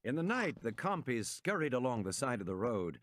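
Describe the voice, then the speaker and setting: A man reading a novel aloud with animated storytelling. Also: medium pitch, moderate pace, noisy background. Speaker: reader. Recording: loud game gunfire behind.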